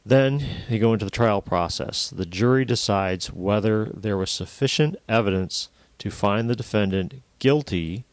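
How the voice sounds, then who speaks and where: A man lecturing a university course, explaining step by step in a plain, steady way with frequent fillers. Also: fairly low pitch, dry recording.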